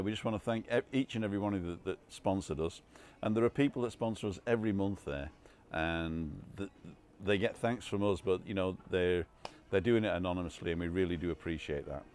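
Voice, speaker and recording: An older man chats loosely to his viewers from a bar terrace, circling back over his words with restarts and asides. His voice sits fairly low. Faint outdoor background noise runs under the recording. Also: a little mellow. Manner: rambling, chatty, many restarts and asides. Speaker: live-stream vlogger. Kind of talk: casual live-stream chat reading comments.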